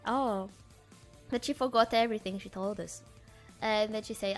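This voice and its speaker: A woman with a French accent, a streamer telling stories in casual chat with hesitant fillers and animated delivery. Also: mid-range voice, normal speed, long pauses, soft background music. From France. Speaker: VTuber streamer.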